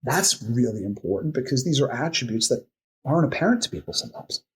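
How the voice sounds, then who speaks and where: A man's voice: mid-range voice, expressive, slightly rough. A man who is a coaching expert, explaining his method in a podcast interview and reeling off strings of coaching questions. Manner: acts out client replies in quick asides.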